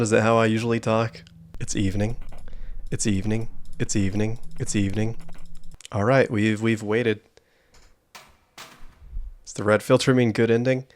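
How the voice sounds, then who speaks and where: A man's voice: on the low side, vocal fry. A young man streaming a horror game, giving casual, wry commentary and joking about what happens on screen.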